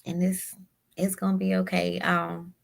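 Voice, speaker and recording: A woman guest telling a personal story in a halting, emotional way, often repeating her words. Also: lowish voice, monotone, vocal fry. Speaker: podcast guest.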